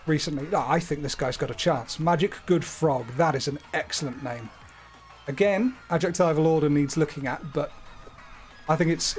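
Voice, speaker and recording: A man streaming live, talking through his gameplay in a chatty, playful way with wordy asides. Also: a little high. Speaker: gaming streamer.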